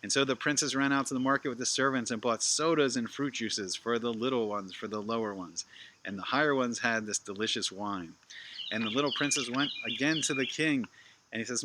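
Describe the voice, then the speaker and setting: A man narrating a children's story with animated, playful asides to his listeners. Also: mid-range voice, a little fast, noisy background.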